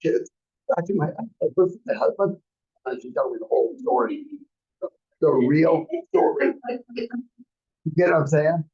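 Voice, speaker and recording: Forties male instructor, husky, gravelly, storytelling style, dull lo-fi sound. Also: a little high, expressive, normal speed, long pauses, dark tone. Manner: rambling, anecdotal, acts out quotes. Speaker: real estate class instructor. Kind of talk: casual storytelling lecture.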